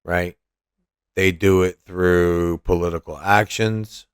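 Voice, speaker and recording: A man's voice: low-pitched, steady tone, slow pace, clean tone, no echo, clean studio sound. A man hosting a podcast, giving profane, mocking and combative political commentary. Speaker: podcast host.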